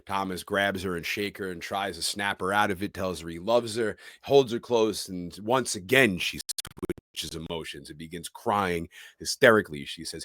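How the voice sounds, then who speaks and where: Deep-voiced man recapping a film. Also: moderate pace, fairly bright tone, dry recording, studio quality. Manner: dramatic storytelling recap with quoted lines. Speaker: podcast co-host.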